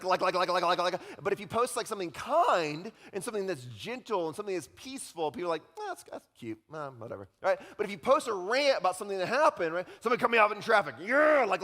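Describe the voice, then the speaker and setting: A pastor delivers a sermon in a lively, conversational way, his voice sitting a little higher than most men's. He keeps checking in with his listeners and acts out the people he describes. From Utah. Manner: conversational, animated, often tags lines with "right?".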